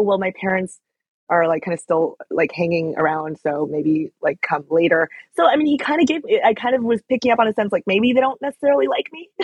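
Fast-talking husky young woman. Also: fairly low pitch, dry recording, highs cut off. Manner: chatty, lots of fillers and likes. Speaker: guest. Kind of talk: casual storytelling.

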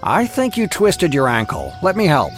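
An actor playing a kind, wealthy young man who talks politely and gently insists on helping. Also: on the high side, huge pitch swings, normal speed, faint music behind. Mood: concerned. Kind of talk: scripted story reading.

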